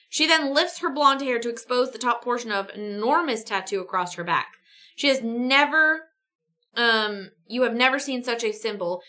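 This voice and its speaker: A woman's voice: fairly high pitch, bright, forceful tone. A young woman streaming a choose-your-own-adventure reading, chatty, breaking off with laughing asides. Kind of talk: live-stream story reading.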